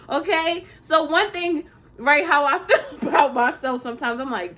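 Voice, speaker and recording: A woman's voice: high voice, normal speed, fairly bright tone. A woman who used to be a schoolteacher gives a casual spiritual talk to her viewers. She speaks candidly, swears and laughs often, and addresses them directly as "y'all.". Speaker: spiritual teacher, former schoolteacher.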